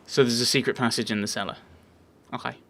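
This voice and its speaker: A man's voice: medium pitch, steady tone, fast, bright, forceful tone. A man giving casual, hesitant gameplay commentary, thinking aloud as he plays. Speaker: let's play host.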